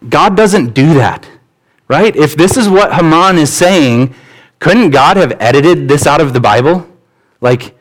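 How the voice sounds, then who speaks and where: A man's voice: a little high, animated, a little slow, poor audio. A male pastor preaching a sermon in a candid, conversational way, dropping in casual slang.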